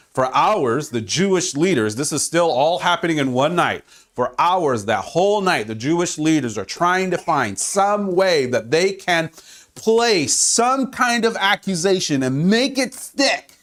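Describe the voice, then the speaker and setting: A man preaching a sermon, swinging between loud exclamations and hushed, quiet stretches. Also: high voice. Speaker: pastor.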